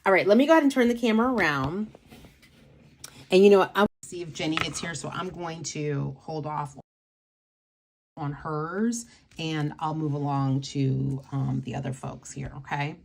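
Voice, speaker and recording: A woman's voice: low voice, moderate pace, vocal fry, darkish tone, slight background noise. A woman hosting a casual livestream, chatty and rambling with many fillers. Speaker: nail polish livestream host.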